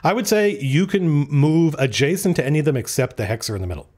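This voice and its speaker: A man's voice: a little high, animated, fast, darkish tone. A man narrating as game master at a tabletop game, casual and freely swearing as he works through the rules aloud.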